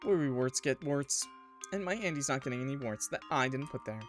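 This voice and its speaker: A man's voice: mid-range voice, brisk, faint music behind, natural voice. A man voicing a bratty, scheming young woman who talks in a snide, mocking way. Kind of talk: game voice acting.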